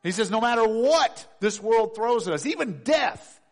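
Animated high-voiced male preacher. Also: normal speed. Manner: animated, acts out voices, swings from loud to hushed. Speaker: pastor. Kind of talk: sermon.

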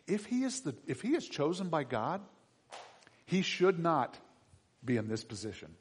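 A man preaching a sermon as a pastor, dramatic, dropping to a hush and then rising high and loud. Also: sing-song, moderate pace, pauses often, slightly rough. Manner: dramatic, swings from hushed to shouting. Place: church. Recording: long reverb of a large hall.

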